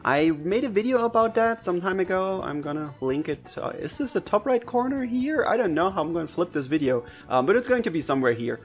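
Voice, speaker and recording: A man's voice: brisk, few pauses, faint music behind. Chatty German-accented man. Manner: chatty, laughs easily, pitch jumps high when excited. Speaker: gaming video creator. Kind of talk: casual Q&A.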